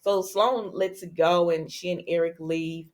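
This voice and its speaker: A woman's voice: fairly low pitch, fairly even intonation, measured pace, darkish tone. A woman recapping a soap opera episode in casual chat, sassy and talking straight to her viewers.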